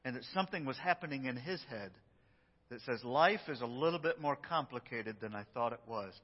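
A man's voice: mid-range voice, lively intonation, brisk. A middle-aged man preaching a sermon as pastor, telling stories, acting out quotes and chuckling as he goes. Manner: storytelling, acts out quotes, chuckles often. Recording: dull sound with long church reverb.

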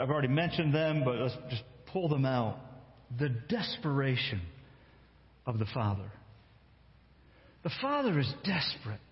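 Male pastor, slow, emphatic sermon delivery, roomy lo-fi recording with a long reverb. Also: mid-range voice. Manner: slow, emphatic storytelling with acted-out quotes. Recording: echoey hall, dull lo-fi sound.

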